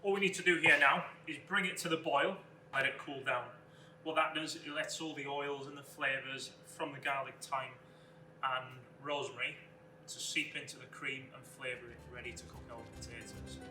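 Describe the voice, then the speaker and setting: A man, a chef, talking through a cooking demonstration step by step in a relaxed way. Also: mid-range voice, moderate pace, reverberant, slight background noise. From Wales.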